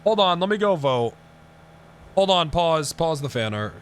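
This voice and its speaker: A man streaming live, chatting casually with an excitable, profane manner and mock-outraged outbursts. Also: a little high, a little slow, slight background noise.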